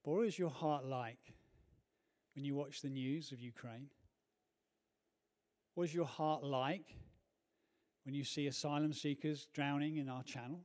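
A man preaching a sermon in a church, telling a personal story earnestly, moving from hushed to loud. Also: fairly high pitch, fairly even intonation, measured pace, pauses often.

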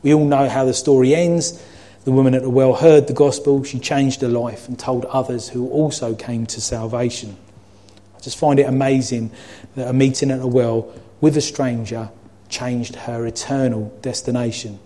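Mellow-voiced man preaching a sermon. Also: mid-range voice, fairly even intonation, normal speed. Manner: earnest, reflective teaching with scripture readings.

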